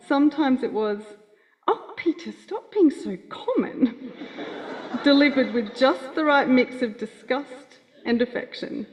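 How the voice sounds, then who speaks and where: A woman's voice: mid-range voice, a little mellow. Woman reading a sweet eulogy for her gran, audio a bit dull. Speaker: grandchild giving a eulogy. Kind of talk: read eulogy. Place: funeral chapel.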